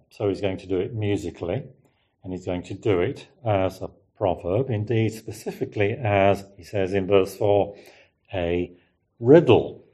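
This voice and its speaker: Low-voiced man musing through a Bible talk. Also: moderate pace, a little mellow. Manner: conversational, musing, asks the listeners rhetorical questions. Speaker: preacher.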